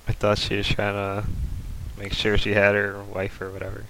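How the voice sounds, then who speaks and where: A laid-back man makes brief, dry remarks in a casual manga chat. His voice is low and gravelly with a flat, even delivery, over faint background noise. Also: normal speed, low-quality recording. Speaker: podcast co-host.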